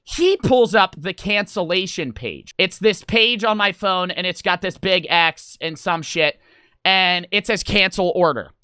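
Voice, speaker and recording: A young man streamer telling an animated story, excitable, swearing a lot and talking in rapid, emphatic bursts. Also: sits high, clear, resonant tone, dry recording, studio quality. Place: gaming house room.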